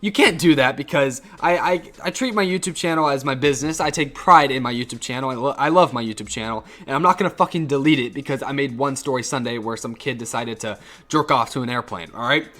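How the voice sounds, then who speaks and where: A teenage boy rattles quickly through a story from school in a casual vlog. He rambles, swears freely and restarts his sentences often, at a middle pitch for a man. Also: fairly bright tone. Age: teens. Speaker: YouTuber and high school student.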